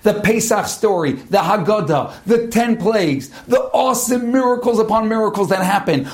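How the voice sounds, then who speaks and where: A rabbi gives a Torah talk in sermon style, posing rhetorical questions, using drawn-out emphatic pauses, and mixing Hebrew terms into his English. His voice sits high with a darkish tone.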